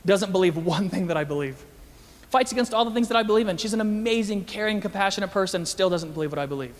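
A man giving a lively, joking talk to an audience as a Christian speaker, acting out the voices he quotes. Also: sits high, fast, big-room sound.

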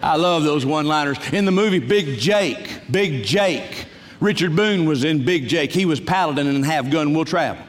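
A man's voice: fairly high pitch, expressive, moderate pace, big-room sound, some chatter behind. An older man preaching a humorous, folksy sermon full of stories and bursts of laughter. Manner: storytelling, folksy, breaks into laughter and loud exclamations.

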